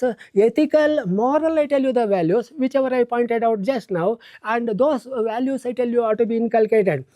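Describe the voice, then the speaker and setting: Man lecturing slowly with "I tell you" fillers. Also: very high voice, warm tone, no echo. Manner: repeats the filler "I tell you" and lists words one by one; slow and deliberate. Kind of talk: educational lecture.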